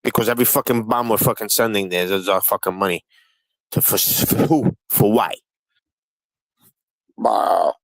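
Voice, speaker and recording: A man's voice: lowish voice, normal speed, vocal fry, long pauses, no room sound, low-quality recording. A man hosting a livestream panel, talking in a profane, taunting and combative way. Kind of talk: heated livestream panel chat.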